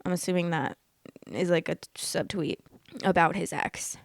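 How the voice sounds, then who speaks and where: Chatty excitable young woman, dry sound. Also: lowish voice, normal speed, creaky, dry recording. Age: late 20s. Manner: candid, excitable, swears freely, laughs often. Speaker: podcast host reading Reddit stories. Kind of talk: casual chat and reading posts aloud.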